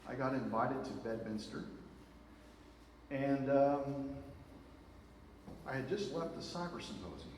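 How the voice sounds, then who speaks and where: A man's voice: medium pitch, a little slow, long pauses. Man speaking in an echoey hall from afar. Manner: animated storytelling with frequent fillers and asides. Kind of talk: public speech to a live audience. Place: event hall with an audience. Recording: very echoey hall from far off, noisy.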